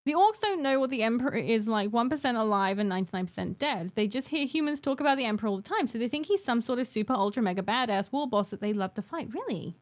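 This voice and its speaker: A woman's voice: on the high side, expressive, fast, hardly any pauses. A young adult woman chatting casually with her live-stream chat while painting miniatures, giggling and bantering playfully.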